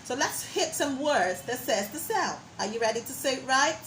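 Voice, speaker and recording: A woman teaching a pronunciation lesson, modeling sounds slowly and praising the learner as she goes. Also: high voice, expressive, fairly bright tone, echoey room, slight background noise, low-quality recording. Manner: slow, drawn-out modeling of sounds with encouraging praise.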